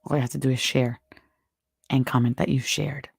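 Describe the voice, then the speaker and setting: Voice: mid-range voice, little pitch movement, moderate pace, creaky, pauses often, breathy edge, dry recording, clean studio sound. A tarot reader hosting a live stream, giving chatty, encouraging spiritual advice with a strained, worn-out throat. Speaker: tarot reader and show host.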